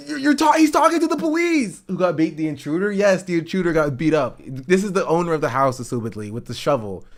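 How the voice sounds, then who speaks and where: Brief: male streamer, slightly high voice, incredulous, laughing reaction commentary. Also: very animated, fast talker. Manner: laughing, incredulous, talks to chat.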